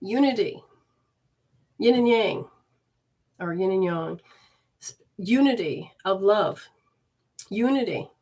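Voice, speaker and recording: A woman from Michigan speaks in a mid-pitched voice, giving a loose, expressive spiritual talk from her living room. She reads viewers' comments aloud with warmth, then drifts back into her teaching. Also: takes it slowly, long pauses. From Michigan, USA. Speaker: spiritual teacher hosting a livestream.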